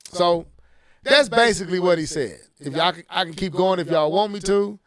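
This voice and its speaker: A man hosting a casual gaming podcast, reading news aloud and reacting with animated outbursts that climb into shouts. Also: high voice, normal speed. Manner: animated, rises to shouting when worked up. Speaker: podcast host.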